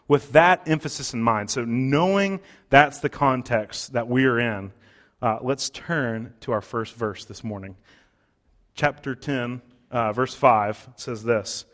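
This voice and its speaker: Man, pastor, sermon, conversational, mid-pitched, fillers and restarts. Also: a little slow, a bit bright.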